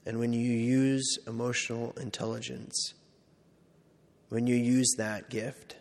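A man's voice: mid-range voice, little pitch movement, takes it slowly, creaky. A man speaking as a priest, sharing a personal story in a loose, conversational way. He pokes fun at himself and slips into quoted asides. His mid-range voice rings out with a long reverb, as if from a large church or hall. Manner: conversational, self-deprecating storytelling with many "like"s. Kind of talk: personal testimony talk.

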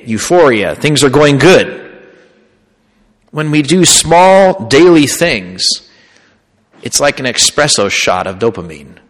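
A man, a priest, preaching a sermon as a storyteller, swinging from loud punchy lines to hushed ones. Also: medium pitch. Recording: long hall reverb.

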